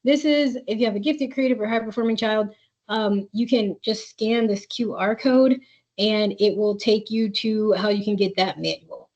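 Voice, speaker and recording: A woman's voice: mid-range voice, moderate pace. Woman coaching parents on a webinar, um-filled chatty answers, muffled lo-fi call audio. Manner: reads parent questions aloud, then coaches warmly with filler words. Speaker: webinar presenter. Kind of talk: live webinar Q&A.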